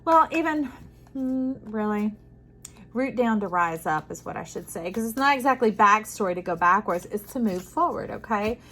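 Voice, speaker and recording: A woman giving an intuitive tarot reading to camera. She talks soothingly, calls the listener "friend", and moves between soft hushes and emphatic bursts. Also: mid-range voice, expressive, normal speed, rough recording. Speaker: tarot reader.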